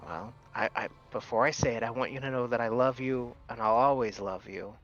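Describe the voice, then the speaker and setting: A man voicing a gentle dead fiance who has come back as an angel, speaking tenderly and reassuringly. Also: mid-range voice, fairly quick, lo-fi sound, soft background music, lightly acted.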